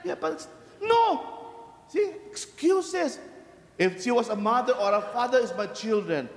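A man, a Catholic priest, giving a lively, conversational sermon, putting many questions to the congregation. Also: sits high, fast talker. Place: large church. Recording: echoey church hall from a distance.

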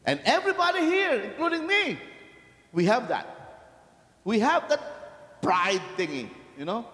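A male priest preaches a sermon in a bright, high voice that swings widely up and down. He talks to the congregation in a lively, conversational way and keeps asking them questions. His voice carries a long echo through a large church hall. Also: a little slow. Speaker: Catholic priest. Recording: echoey church hall from a distance.

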